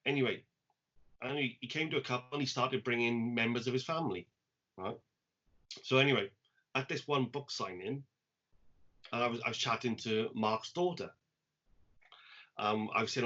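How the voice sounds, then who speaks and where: A man's voice: medium pitch, fairly quick, pauses often. Lo-fi man telling a story. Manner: animated anecdote-teller, acts out quoted lines. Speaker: poet and podcast co-host. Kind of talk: casual storytelling chat. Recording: dull lo-fi podcast audio.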